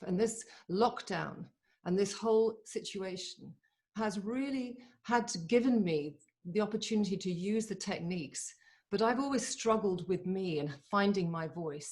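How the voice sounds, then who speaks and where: Eager woman giving an online talk. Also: mid-range voice. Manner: eager and chatty, with quick bursts and laughs. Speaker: motivational speaker. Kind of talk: live online motivational talk. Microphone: video call.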